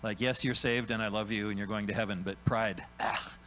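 A man preaching a sermon in a church, animated and conversational, often acting out God's voice and tagging lines with "right?". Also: lowish voice, fairly quick, slight background noise, low-quality recording. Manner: animated, acts out God's voice in quotes, frequent "right?" tags. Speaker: pastor. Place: church sanctuary.

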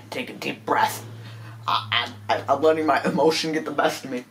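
A man delivering a mock-serious apology monologue as a comedy vlogger. He stammers and sounds tearful and self-pitying, and his pleading breaks into sudden high, squeaky cracks. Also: normal speed, fairly bright tone, a little hiss or hum.

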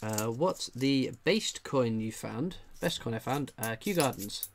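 A man hosting a casual livestream, reading viewer comments aloud with dry, understated humour and frequent pauses of "uh" as he scans the chat. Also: medium pitch, expressive, a little hiss or hum. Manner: frequent filler "uh" while scanning chat. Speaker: livestream host.

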